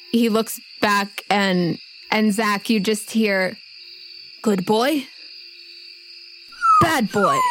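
A woman narrating as game master of a tabletop game, with lively, laughing descriptions. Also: medium pitch, slight background noise, low-quality recording.

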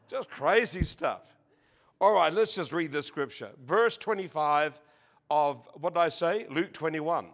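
High-voiced Australian preacher. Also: male voice, expressive, fairly bright tone. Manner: jokey, peppered with exclamations of praise; reads scripture slowly and emphatically. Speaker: visiting preacher. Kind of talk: sermon.

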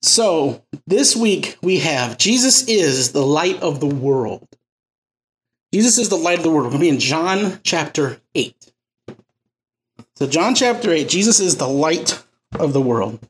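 A pastor gives a relaxed, conversational sermon, talking to the congregation as if chatting with friends. His voice sits a little higher than most men's. He moves easily between jokes and teaching. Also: unhurried. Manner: conversational, loose storytelling with jokes. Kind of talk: informal sermon.

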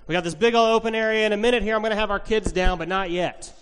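Pastor, man, children's sermon; high voice, encouraging question-and-answer delivery, church hall reverb. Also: fast, clear, resonant tone. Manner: asks kids questions in a lively, encouraging way. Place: church sanctuary.

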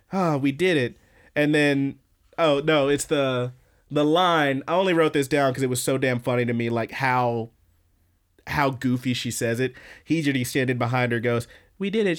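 A man's voice: medium pitch, clean tone. A man hosting a podcast, casually recapping an anime episode in a rambling, profane way with lots of fillers and restarts. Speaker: podcast host.

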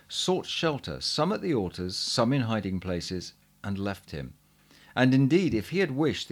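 A man reading an old chronicle aloud in a measured, earnest way, now and then stumbling over a word. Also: fairly low pitch. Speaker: reader.

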